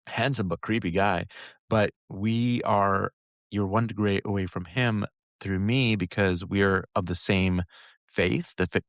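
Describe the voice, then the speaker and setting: A man's voice: sits low, no room sound, clean studio sound. A man who is a guest on a podcast, talking casually in a rambling way, laughing often. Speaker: guest, habit coach. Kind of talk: casual conversation.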